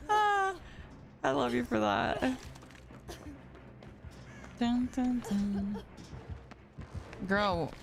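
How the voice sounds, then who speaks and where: Her voice sits at a medium pitch with noticeable vocal fry as this young woman plays a game on stream. She chats casually with viewers, laughing and cursing a lot, while music plays behind her.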